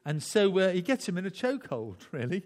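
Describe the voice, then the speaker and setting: Lively conversational male preacher in a reverberant hall. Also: high voice, fairly quick. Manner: conversational, with frequent restarts and chuckles. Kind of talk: sermon.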